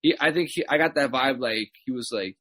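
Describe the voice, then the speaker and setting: As a podcast guest, this young man spins animated stories in relaxed conversation, performing other people's lines. He speaks briskly in a mid-range voice, recorded without echo.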